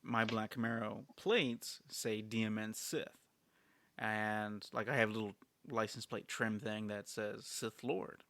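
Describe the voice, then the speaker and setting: A man co-hosting a podcast, telling an animated story in a casual chat full of fillers. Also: on the low side, measured pace, no echo. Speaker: podcast co-host.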